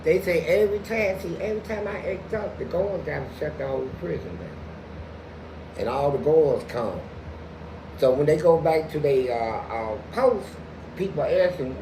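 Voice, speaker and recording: A man guesting on a podcast, telling profane prison stories in an animated way and jumping into loud acted-out quotes. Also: a little high, normal speed, creaky. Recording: echoey room with background noise.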